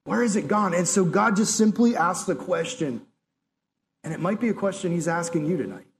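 A man's voice: high-pitched, moderate pace, slight background noise. A man giving a sermon in an earnest, conversational way, talking straight to his listeners and acting out lines of dialogue. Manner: acts out God's and Elijah's words in lively asides. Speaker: preacher.

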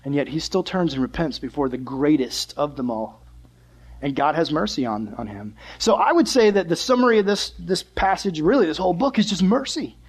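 Brief: young male youth pastor, lively, chatty sermon, bright high voice. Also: brisk, slightly rough. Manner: animated, conversational preaching.

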